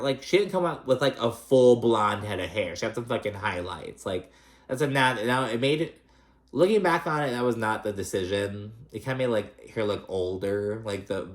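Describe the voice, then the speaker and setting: A man giving a casual, gossipy reality TV recap, chatty and profane with plenty of fillers. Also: medium pitch. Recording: roomy echo.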